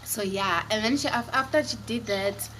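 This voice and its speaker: A woman's voice: fairly high pitch, moderate pace, slight background noise. Chatty woman storyteller. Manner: animated, dramatic retelling with acted quotes. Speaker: vlogger. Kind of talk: casual storytelling to camera.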